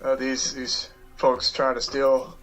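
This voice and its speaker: A man playing a character in a tabletop role-playing game, thinking aloud in a relaxed way. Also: medium pitch, takes it slowly, soft background music, poor audio. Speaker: player.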